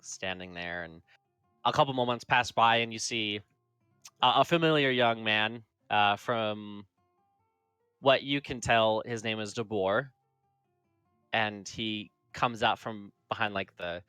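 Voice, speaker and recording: A man narrating a tabletop game as game master, rambling with lots of fillers and slipping into quick character quotes. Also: on the low side, bright, forceful tone, clean tone, no echo, clean studio sound. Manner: rambling, full of fillers like "like" and "kinda".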